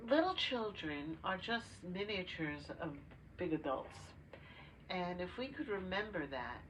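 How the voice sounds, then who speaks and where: An older woman co-hosting a podcast, telling a family story in casual chat with pauses and filler words. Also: fairly low pitch, a bit bright. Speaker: podcast co-host. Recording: distant mic with faint noise.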